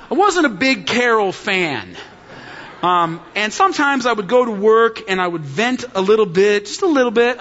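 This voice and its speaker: A middle-aged man preaching a sermon as pastor, telling a story with animated jokes. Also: high voice. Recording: dull sound in a hall with long reverb.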